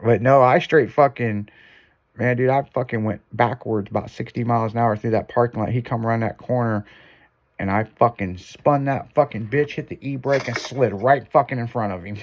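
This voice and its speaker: A man's voice: mid-range voice, normal speed. A man hosting a casual chat, telling a long profane story with lots of swearing and acted-out quotes. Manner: profane, animated storyteller who acts out quotes.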